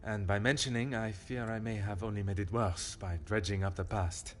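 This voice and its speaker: A man's voice: on the low side, steady tone, natural voice. An actor playing a polite, formal male detective in a video game, speaking. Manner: courteous, measured, formal.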